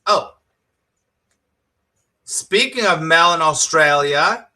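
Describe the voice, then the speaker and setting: A man's voice: a little high, animated, unhurried, bright, forceful tone. A middle-aged man, a spiritual teacher, teaching on a live stream with enthusiasm, repeating his points and quizzing viewers by name.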